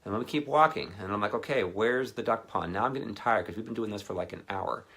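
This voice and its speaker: Low, gravelly-voiced man telling a sermon story. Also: quick pace. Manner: rambling anecdotal delivery with animated quoted voices. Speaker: ministry speaker.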